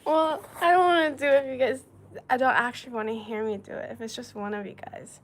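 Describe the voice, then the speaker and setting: A woman's voice: fairly high pitch, steady tone, quick pace. A woman whose first language is Chinese, hosting a casual livestream and reading viewer comments in a giggly, hesitant way. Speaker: livestream host.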